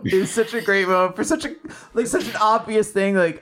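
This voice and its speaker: A man co-hosting a podcast, recapping comic chapters as an animated storyteller who laughs often. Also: sits high, fairly quick. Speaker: podcast co-host. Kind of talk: casual chat, recapping comics.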